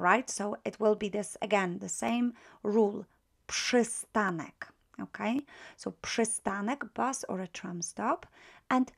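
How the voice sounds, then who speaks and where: Woman language teacher, slow and deliberate, a creaky edge, repeats words patiently. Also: medium pitch. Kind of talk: online language lesson.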